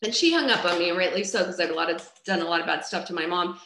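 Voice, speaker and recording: A middle-aged woman telling her own life story as a personal testimony, candid and raw, moving from low and quiet to loud outbursts. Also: fast talker, gravelly, a little hiss or hum. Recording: roomy echo.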